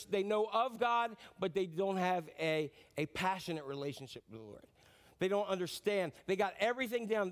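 A middle-aged male pastor preaching a sermon in a lively, conversational, joking way. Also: high-pitched.

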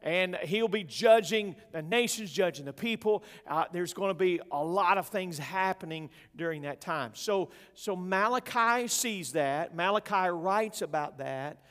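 A man preaching a sermon, reading scripture slowly and swinging between loud emphasis and soft, low delivery. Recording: long hall reverb.

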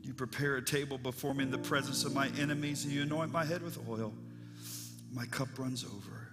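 A man's voice: medium pitch, steady tone, brisk. A male pastor preaching a sermon in an earnest, storytelling manner that turns heartfelt. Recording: long reverb, instrumental music behind.

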